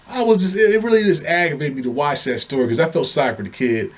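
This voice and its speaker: A man's voice: high-pitched, fast. A man on a heated, profane vlog rant, telling a story with lots of swearing. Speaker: vlogger.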